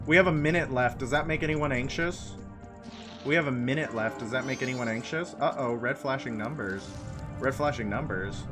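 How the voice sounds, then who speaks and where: A man's voice: mid-range voice, normal speed, music in the background. A man streaming a video game, chatting casually with his audience in a playful, giggly way and repeating phrases for laughs. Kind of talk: casual commentary while playing.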